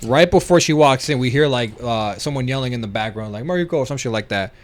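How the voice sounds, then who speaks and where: Slangy, excitable young male podcaster. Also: mid-range voice, fast. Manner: excitable, slangy, says bro and dude. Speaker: podcast co-host. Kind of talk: casual TV recap chat.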